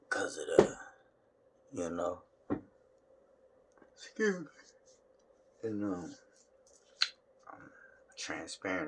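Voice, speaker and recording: A man's voice: low voice, vocal fry, a little hiss or hum. A tired man talking casually to his phone camera at home, in a laid-back, slangy way that drawls and trails off. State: tired, yawning. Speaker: vlogger. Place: home room.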